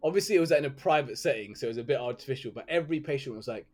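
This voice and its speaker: A man's voice: mid-range voice, rapid-fire, darkish tone, soft background music. Young man, interview guest, loose chatty storytelling style. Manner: chatty storytelling, filler words. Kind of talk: casual interview chat.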